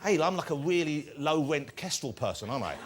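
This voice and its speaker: A man's voice: on the high side, lively intonation, fairly quick. A man hosting a talk show, joking and self-mocking in comic studio banter before a live audience. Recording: broadcast studio with loud crowd. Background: loud audience laughter and noise.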